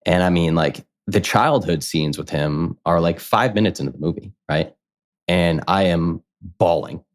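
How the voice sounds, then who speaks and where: A man in his thirties, a podcast guest, telling a personal story in casual conversation, candid and animated, acting out what others said. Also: deep voice, moderate pace. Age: 30s. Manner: candid, animated, quotes people in lively voices.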